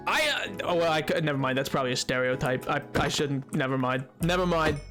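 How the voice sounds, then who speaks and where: A man streaming a video game, chatting casually and joking around with his viewers in a playful way. His voice is fairly high and swings around with lively pitch. Faint music plays in the background. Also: a little fast. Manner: playful, jokey, banters with chat. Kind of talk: casual gameplay commentary.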